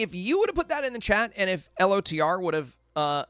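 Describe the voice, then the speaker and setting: A man's voice: fairly high pitch, expressive, fast talker, few pauses, a bit bright, smooth, no room sound, clean studio sound, soft background music. A man hosting a casual livestream, chatting and reading viewer comments aloud as he answers them. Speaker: livestream host. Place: home.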